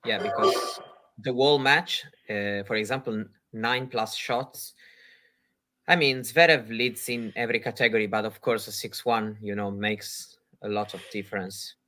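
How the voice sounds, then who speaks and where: A man's voice: lowish voice, bright, forceful tone. A man co-hosting a live tennis watchalong, talking through rally stats with hesitant fillers. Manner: hesitant, many fillers, stat-minded. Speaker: podcast co-host. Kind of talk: casual live watchalong chat.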